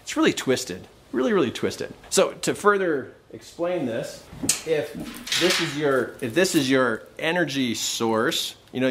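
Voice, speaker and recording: A man talks through a motivational podcast episode with a swooping, highly expressive voice that climbs and dips as he makes his points. His voice sits a little high for a man, and he slips into character voices for the people in his stories. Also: breathy edge. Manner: animated storyteller acting out quoted voices. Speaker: podcast host and coach. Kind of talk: motivational talk. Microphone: podcast microphone.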